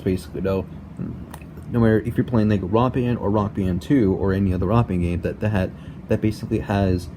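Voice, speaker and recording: A young man explaining a music game tutorial in a halting way, repeating words and filling with "basically" and "like", recorded on a laptop mic at home. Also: fairly low pitch, noisy background. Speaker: tutorial maker. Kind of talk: casual screen-recorded tutorial.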